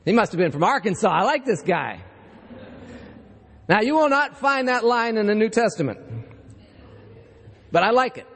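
A man's voice: sits high, big pitch swings, moderate pace, pauses often, fairly bright tone, husky. A man preaching as pastor, reading scripture and telling a story to the congregation in a conversational way. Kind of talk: sermon with scripture reading and joke. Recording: echoey church hall.

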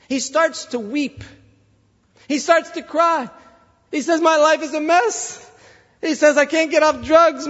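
A man's voice: high-pitched, fairly bright tone. A man preaching a sermon, telling stories and asking the congregation rhetorical questions. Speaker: pastor. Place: large church sanctuary. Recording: dull lo-fi reverberant church recording.

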